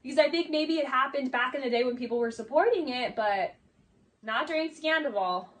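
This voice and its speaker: Woman commentator, high voice, chatty and sarcastic, mic set slightly away. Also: fairly quick, a bit bright, far from the mic, a little hiss or hum. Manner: chatty, many "like"s, mocking asides. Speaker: video essay commentator. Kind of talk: casual commentary.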